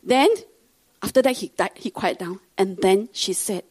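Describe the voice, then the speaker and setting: A woman's voice: on the high side, very animated, moderate pace, a little mellow, breathy edge, a faint crowd. A woman from Singapore with a Singaporean English accent, a pastor's wife telling her testimony to a congregation and acting out the people she quotes.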